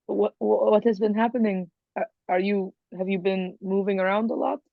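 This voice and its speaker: Gentle woman player on a dull recording. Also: mid-range voice, steady tone, normal speed, vocal fry, no echo. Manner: gentle, searching, with restarts. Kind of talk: casual tabletop play.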